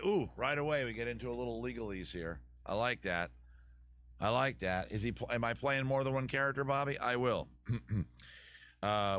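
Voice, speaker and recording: Rambling comic host, voice going hoarse. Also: male voice, medium pitch, expressive, normal speed, fairly bright tone. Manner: digressive, self-mocking, drops into a put-on Southern lawyer voice. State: voice going hoarse after weekend shows. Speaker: comedy podcast host. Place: his home in a city.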